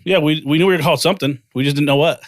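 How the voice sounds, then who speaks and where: A man's voice: fairly high pitch, very fast, dry recording, clean studio sound. A man in his forties telling his career story in a casual interview, acting out the voices of the people in it. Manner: animated, acts out dialogue in quotes. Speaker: guest, financial firm co-founder.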